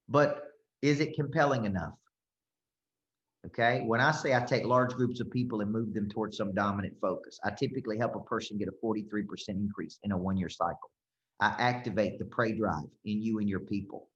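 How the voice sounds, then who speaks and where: A man coaching a group, speaking emphatically and checking in often with "okay?" and "right?". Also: on the low side. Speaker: business coach. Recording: roomy, slightly dull sound.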